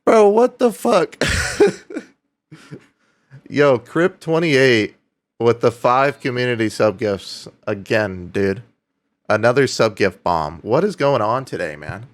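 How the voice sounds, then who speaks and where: Young man streamer, loose and profane, laughs a lot, mid-pitched voice, chats to his viewers. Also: lively intonation, unhurried. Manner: swears freely, reads out viewer donations, laughs often. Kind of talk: casual live-stream chat.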